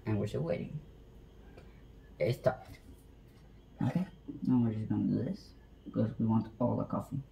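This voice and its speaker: A man's voice: lowish voice, moderate pace, creaky, long pauses, mellow, slight background noise. A man in a home kitchen chatting casually into his phone as he shows how to make iced coffee. He jokes about himself and rambles with many restarts. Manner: joking, self-deprecating, rambling with restarts. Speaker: home cooking vlogger.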